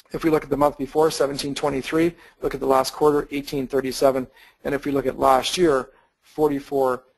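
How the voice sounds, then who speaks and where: A man walks listeners through market slides in an easygoing, explanatory manner, often pausing on fillers and restarting phrases. His voice has a gravelly edge at a middle pitch. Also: darkish tone, low-quality recording. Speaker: real estate investment presenter. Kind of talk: webinar slide presentation.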